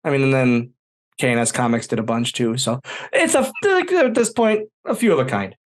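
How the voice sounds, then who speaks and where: Male host, relaxed, agreeable, casual conversational delivery. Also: mid-range voice, moderate pace. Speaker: podcast host. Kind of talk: casual chat.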